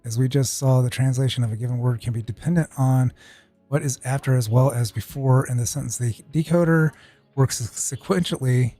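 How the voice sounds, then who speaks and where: A man's voice: medium pitch, steady tone, fairly quick, warm tone, no echo, faint music behind. A man streaming, reading a technical tutorial aloud and breaking off for casual, profane asides. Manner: reads text aloud with casual asides and swearing.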